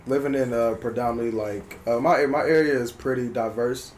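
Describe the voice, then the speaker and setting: A young man from South Berkeley chatting on a podcast at an ordinary middle pitch. He talks loosely, with plenty of slang and filler words. A soft hum of room noise sits under the voice. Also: brisk. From South Berkeley, California. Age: 20s. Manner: relaxed slang-heavy, many "like" fillers. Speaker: podcast co-host. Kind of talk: casual chat.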